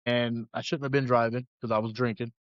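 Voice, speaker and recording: A man's voice: medium pitch, little pitch movement, a little fast, no room sound, muffled recording. A man as a podcast guest, earnestly telling a personal story in a rambling way full of restarts.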